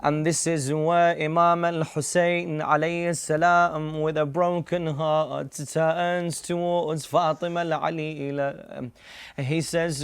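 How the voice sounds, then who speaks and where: A man's voice: a little high, level tone, slow pace, clear, resonant tone. A man giving an emotional religious sermon, retelling a mourning story with quoted dialogue and rising into chanted lament. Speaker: religious speaker. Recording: long hall reverb.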